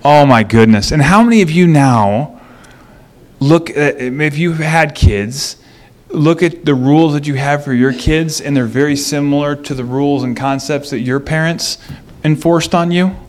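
A middle-aged man preaching a sermon as a pastor, telling stories in an animated way that moves between lively and hushed. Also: a little high, unhurried.

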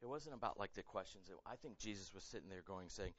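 Impassioned, bright-voiced male preacher. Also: low-pitched, expressive, fast talker, dry recording, lo-fi sound. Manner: impassioned, repeats words and restarts, rising to near-shouting. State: emotionally raw. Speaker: pastor. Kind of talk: sermon.

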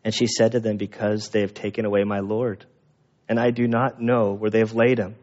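A man preaching a sermon in a lively, animated way, acting out the voices of people in the story. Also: lowish voice, brisk, dull audio. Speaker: pastor.

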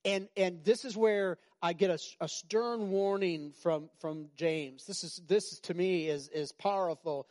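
Middle-aged male pastor, slightly high voice, chatty sermon delivery with repeated phrases and sudden outbursts. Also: a little slow, few pauses, darkish tone. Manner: conversational preaching with repetitions and sudden outbursts.

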